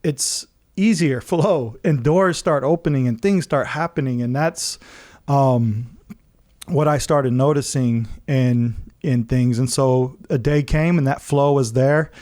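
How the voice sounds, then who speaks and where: A man's voice: medium pitch, unhurried, dark tone. A man on a podcast telling a personal story in a casual way, acting out the people he quotes and laughing often.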